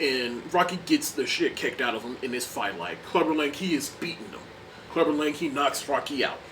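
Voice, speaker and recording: A young man casually reviewing a movie in an enthusiastic, rambling way, often repeating himself. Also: on the high side. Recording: distant mic, faint background noise.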